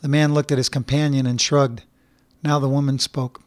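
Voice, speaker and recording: A man's voice: medium pitch, level tone, normal speed, darkish tone, no room sound. Man narrating a story, dry close sound. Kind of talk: scripted narration.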